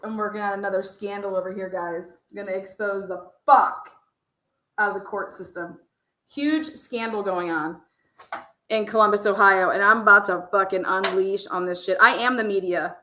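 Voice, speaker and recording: A woman's voice: medium pitch, fairly even intonation, moderate pace, bright, forceful tone, reverberant, rough recording. A woman giving blunt, angry, profanity-heavy commentary on a livestream, swearing constantly as she rants.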